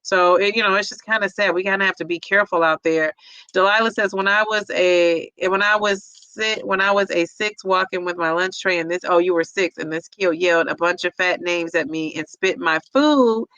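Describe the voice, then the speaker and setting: Bright-voiced woman chatting on a livestream. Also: fairly low pitch, normal speed, clean tone, no room sound, lo-fi sound. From United States. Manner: emotional, empathetic, many fillers. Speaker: host reading viewer chat. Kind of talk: casual livestream chat.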